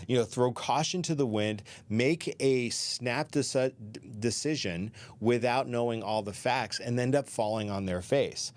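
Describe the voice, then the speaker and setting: A middle-aged man hosting a career advice talk, speaking conversationally with asides and restarts. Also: on the low side. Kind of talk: solo advice talk to camera.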